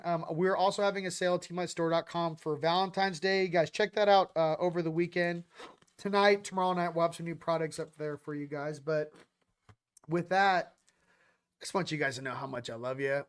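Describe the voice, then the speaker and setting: Male livestream host, slightly high voice, loose and upbeat, calls out viewers. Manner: upbeat, rattling off shout-outs to viewers. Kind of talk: casual livestream chat.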